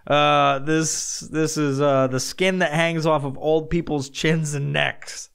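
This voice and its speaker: A man's voice: on the high side, fairly even intonation, a little slow, vocal fry, a bit bright, clear, resonant tone. A man hosting a casual solo podcast, rambling and swearing as he answers listener questions. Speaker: podcast host.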